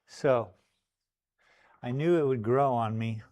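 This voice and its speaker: An easygoing middle-aged man talks through his painting on a live stream. His voice sits at an ordinary, mid-range pitch, and his chat is loose and unhurried. He mutters to himself as he mixes colors in his studio. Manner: relaxed, talks to himself while working. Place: art gallery studio.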